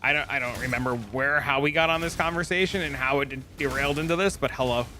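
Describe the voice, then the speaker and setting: A man's voice: mid-range voice, quick pace, pushed and bright, soft background music. A man streaming live, chatting loosely with viewers and rambling through an anecdote. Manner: rambling storyteller, chats with viewers. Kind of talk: casual live-stream chat.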